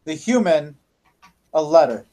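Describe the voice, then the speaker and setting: High-voiced male dungeon master, casual and halting, often restarts mid-sentence. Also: lively intonation, warm tone. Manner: halting, with many fillers and restarts. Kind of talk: narrating a tabletop game.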